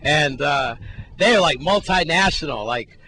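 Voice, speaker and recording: Lively, bright-voiced male street reporter. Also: fairly high pitch, measured pace, husky, low-quality recording. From New Jersey. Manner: chatty, joking, hypes up the crowd. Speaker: field reporter. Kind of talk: upbeat street interviews. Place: outdoors at a cruise ship port.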